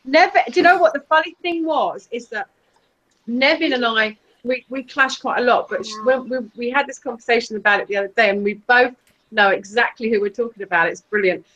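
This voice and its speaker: A woman's voice: a little high, fairly quick, a bit bright, poor audio. A woman co-hosting a casual live-stream chat, blunt, teasing and opinionated. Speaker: co-host.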